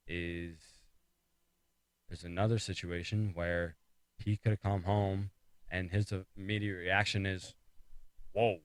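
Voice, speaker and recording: Man, low voice, casual devotional talk, rambling with restarts, repeats phrases, dry close sound. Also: dry recording, poor audio. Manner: rambling, fillers and restarts, retelling a story. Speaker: speaker of a faith talk series.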